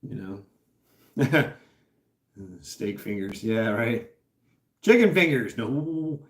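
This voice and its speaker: A man's voice: fairly low pitch, animated. Man, casual livestream host, rambling and laughing, echoey room. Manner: rambling, laughing, swearing, halting with many fillers. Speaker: host reading live chat. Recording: roomy echo.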